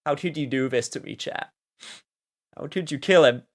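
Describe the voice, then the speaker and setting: A man streaming as a VTuber who banters with his chat in an excitable, yelping, playfully complaining way. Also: medium pitch, moderate pace. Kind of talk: live game stream banter.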